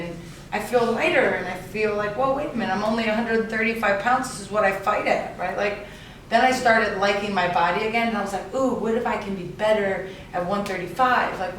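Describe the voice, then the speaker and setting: A woman's voice: mid-range voice, a bit bright. A woman telling her story to an audience in a chatty way, often adding "right?" and "like". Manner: chatty, many "right?" and "like" fillers. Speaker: fighter speaking to an audience. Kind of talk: storytelling talk. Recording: echoey room, mic far off, faint noise.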